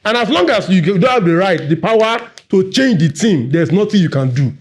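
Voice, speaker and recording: Quick, high-voiced trainer. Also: male voice. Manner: fast-talking, animated, quizzes the audience. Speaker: workshop facilitator. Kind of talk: live workplace training talk.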